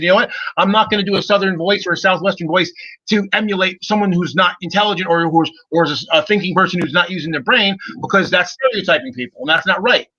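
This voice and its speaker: Bright-voiced man, earnest panel chat. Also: high voice. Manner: earnest, repeats words when starting. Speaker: podcast co-host. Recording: dull lo-fi audio.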